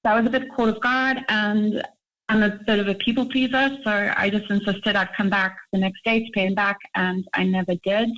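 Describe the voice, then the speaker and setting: A woman's voice: mid-range voice, fairly even intonation, brisk, a bit bright. A young woman calling into a show, telling her story in a chatty way with many fillers. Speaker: caller. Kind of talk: casual call-in chat. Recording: dull, lo-fi call audio.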